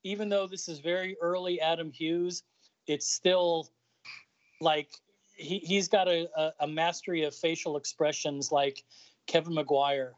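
A man co-hosting a podcast in casual chat, talking in halting bursts with many restarts. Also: a little high, fairly even intonation. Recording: dry, dull lo-fi sound.

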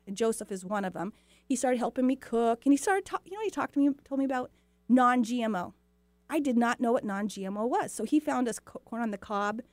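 A woman's voice: medium pitch, darkish tone, no echo. A woman hosting a spiritual talk show, telling a personal story in a chatty, earnest way with lots of quoted dialogue. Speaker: host.

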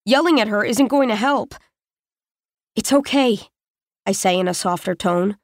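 A woman reading a scripted first-person story in a measured, tense, intimate manner. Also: mid-range voice, animated, no echo. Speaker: narrator. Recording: dry close studio voice.

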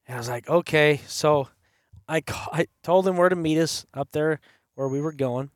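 A man with a fairly high speaking voice tells a hunting story in a relaxed podcast chat, slipping into the voices of the people he quotes. The sound is dry and close, with no room around him. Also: brisk, dry recording. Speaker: podcast host. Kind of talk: casual storytelling. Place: campside.

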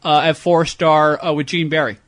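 A man's voice: fairly high pitch, level tone, moderate pace, fairly bright tone. A man interviewing a guest, asking informed questions with frequent "uh" fillers.

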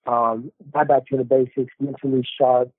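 A man, a fighter, answering interview questions in a steady, self-assured way. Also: mid-range voice, normal speed, slightly rough, no room sound. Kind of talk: casual interview. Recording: dry, tinny phone-like line.

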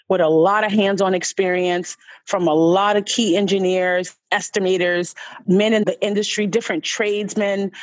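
A middle-aged woman from New York, a podcast guest recounting her life in an animated way and repeating words for emphasis. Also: lowish voice, dry recording. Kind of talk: personal storytelling in conversation.

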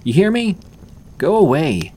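A man voicing a snarky, fierce teenage girl with a sharp, cutting way of talking. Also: fairly low pitch, big pitch swings, moderate pace, gravelly, a little hiss or hum. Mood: shouting.

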